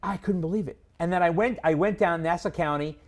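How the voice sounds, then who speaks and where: Animated New man telling a story. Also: on the high side, a little fast. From Long Island. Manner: animated storyteller, acts out other people's lines. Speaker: podcast co-host. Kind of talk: casual storytelling.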